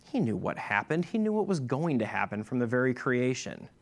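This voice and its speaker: A man's voice: medium pitch, big pitch swings, a little fast. A man preaching a sermon as pastor, emphatic and repeating his key points.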